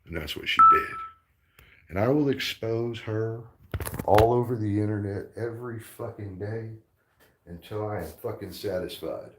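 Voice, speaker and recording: A man's voice: fairly low pitch, normal speed, pushed and bright, reverberant, slight background noise, low-quality recording. A man ranting angrily at a commenter, insulting and aggressive, repeating himself. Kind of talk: angry profane rant.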